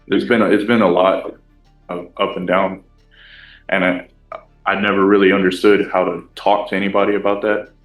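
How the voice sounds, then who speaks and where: A man testifying as a defendant in court, hesitant, with many restarts. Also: lowish voice. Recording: echoey courtroom audio.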